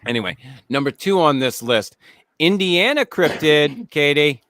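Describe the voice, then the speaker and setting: Podcast host, man, smooth dry close-mic voice, casual and profane. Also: medium pitch, normal speed, fairly bright tone, dry recording. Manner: swearing, storytelling, reads segments aloud. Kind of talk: casual podcast chat and reading.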